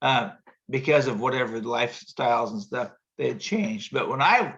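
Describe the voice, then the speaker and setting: A man with a bright, forceful voice tells a long, rambling story in casual chat. He acts out the people in it with sudden high jumps in his voice. The audio sounds slightly dull and muffled, as over a video call. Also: lively intonation, normal speed. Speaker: show host telling a story.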